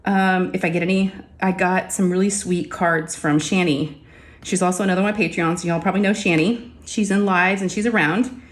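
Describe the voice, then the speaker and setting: A woman's voice: on the low side, steady tone, fairly quick. A woman, chatting casually and ramblingly to her viewers from her home craft room. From Texas. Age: 40s. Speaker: crafting vlogger.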